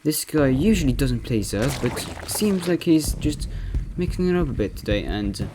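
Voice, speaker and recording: A man's voice: mid-range voice, sing-song, moderate pace, noisy background, close to an everyday voice. A man doing an amateur game-caster impression. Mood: upbeat commentary. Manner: hesitant, full of fillers and self-corrections. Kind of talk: game replay commentary.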